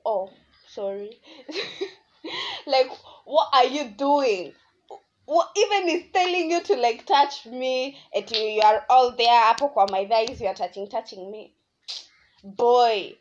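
Young Kenyan woman, podcast host, rambling storyteller, fairly high voice, dull lo-fi sound. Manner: rambling, animated, switching between English and Swahili slang. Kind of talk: casual solo podcast storytelling. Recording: dull lo-fi audio.

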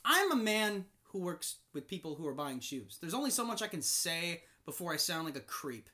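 A young man co-hosting a casual chat, joking and swearing in quick banter. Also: a little high, big pitch swings, pushed and bright. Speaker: podcast co-host.

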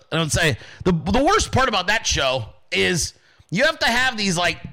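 A man's voice: high-pitched, sharp tone, rough recording. A man hosting a podcast, ranting profanely in casual political commentary and calling his listeners dude and guys. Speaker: podcast host.

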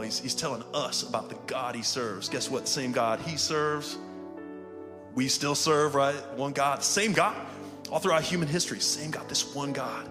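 A pastor with a mid-range voice preaches a conversational sermon in a large hall, the church sanctuary, which is also streamed online. He calls for responses from the congregation in the pews and from online viewers.

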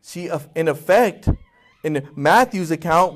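A man's voice: high-pitched, normal speed. A male pastor preaching a sermon with passion, acting out voices in quotes and asking his congregation questions.

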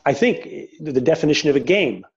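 A man speaking as a spiritual teacher in a reflective conversation, gentle and searching, often restarting his sentences. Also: on the high side, animated, quick pace, slightly rough. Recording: dull lo-fi sound.

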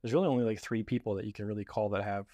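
Man, podcast host, lowish voice, laid-back chat, dry sound. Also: racing, dark tone, dry recording. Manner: laid-back, conversational, uses "like" often. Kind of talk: casual podcast interview.

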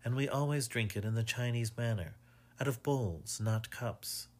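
A man's voice: mid-range voice, normal speed, natural voice. A man voicing a composed, proud wife. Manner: quiet, composed, lightly scolding. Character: calm, proud middle-aged English wife.

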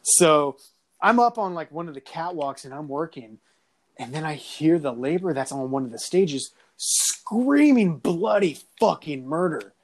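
Man, casual storytelling, rambling with fillers, swears a lot, slightly higher voice. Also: animated, measured pace.

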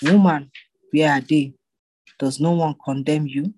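Jesus, read plainly by a reader, calm teacher. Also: medium pitch, a little slow, slight background noise, close to an everyday voice, low-quality recording. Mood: solemn.

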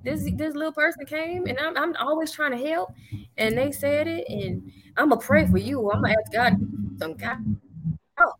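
A woman's voice: sits high, moderate pace, fairly bright tone, low-quality recording. A woman who hosts a faith talk show, speaking with an emphatic preaching cadence and repeating her phrases for weight. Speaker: prophetess and show host.

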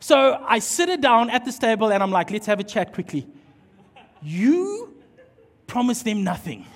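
A man preaching a sermon and telling a story, acting out dialogue in an animated way. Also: high voice, a little fast. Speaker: pastor. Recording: long hall reverb.

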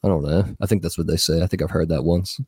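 A man in his thirties, high, hosting a casual podcast chat, swearing a lot and ending lines with "dude". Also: steady tone, quick pace, warm tone, slightly rough, dry recording, studio quality. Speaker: podcast co-host.

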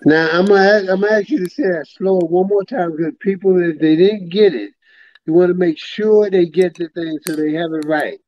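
A middle-aged host and former champion gives advice slowly, repeating himself. His voice sits a bit high and sounds dull and dry, with no room around it. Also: no room sound. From New York. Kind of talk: casual podcast interview.

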